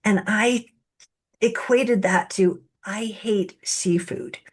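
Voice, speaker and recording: A woman's voice: medium pitch, slow, husky. A woman hosting an interview, sharing personal anecdotes in a chatty way and affirming her guest with murmurs. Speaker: host. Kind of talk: conversational interview.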